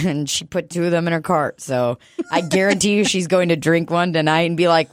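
A woman's voice: deep voice, fairly even intonation, a little fast, hardly any pauses, no echo, clean studio sound. A woman chatting casually and comedically, laughing often and swearing freely. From Russian family background.

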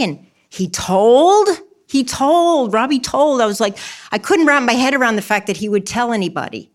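A middle-aged woman shares a frank personal testimony as an interview guest in a church, her voice slightly high and sing-song at a normal pace. She grows emotional and acts out things she once said.

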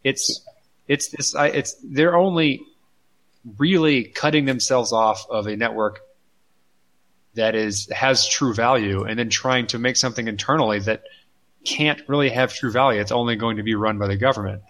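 A man's voice: medium pitch, moderate pace, a bit bright. A man co-hosting a podcast who talks casually, thinking aloud and often repeating his words. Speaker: podcast co-host. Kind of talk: casual chat.

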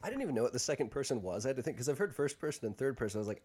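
A man co-hosting a podcast in casual chat, joking and talking quickly with lots of false starts. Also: mid-range voice, very animated, darkish tone, husky. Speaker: podcast co-host.

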